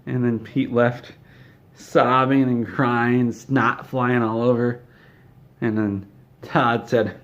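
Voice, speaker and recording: A man narrates an absurd comic tale in a deadpan, rambling manner. His voice sits in a middle register, and the recording sounds dull and lo-fi. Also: medium pitch, unhurried. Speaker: comedy storyteller.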